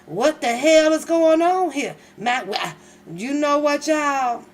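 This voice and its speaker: A woman hosting her channel, telling comic stories in a casual, animated and profane way, laughing often. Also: sits high, takes it slowly. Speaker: channel host. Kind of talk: casual comedic storytelling.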